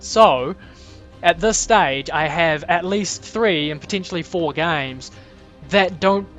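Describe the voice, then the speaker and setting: Chatty New Zealand man, fairly high voice. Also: fairly bright tone. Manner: laughs often, many ums, teasing. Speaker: livestream co-host. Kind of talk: casual livestream chat.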